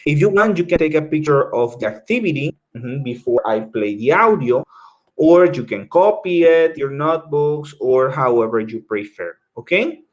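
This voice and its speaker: The audio is dull, but the teacher's voice comes through on the high side and expressive, at a normal speed. He walks his English class through tasks step by step, repeating himself and regularly asking "okay?".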